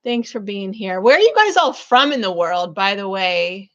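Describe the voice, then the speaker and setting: A woman hosting a live-stream reading alone in her room, chatting warmly and effusively with viewers, full of fillers. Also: mid-range voice, animated, moderate pace, highs cut off. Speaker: spiritual business coach hosting a live reading.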